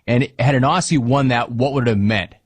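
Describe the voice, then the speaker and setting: A man hosting a radio interview, asking brisk, friendly questions. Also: mid-range voice, a little hiss or hum. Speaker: radio host.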